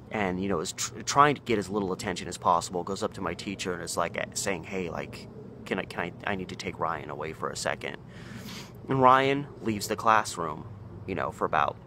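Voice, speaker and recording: A man in his thirties from Oregon tells a childhood story in a loose, rambling way, full of ums and restarts. His voice sits fairly low, and he gets more animated when he reaches the exciting parts. A faint background noise runs under the recording. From Oregon, USA. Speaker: local history vlogger. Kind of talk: casual storytelling.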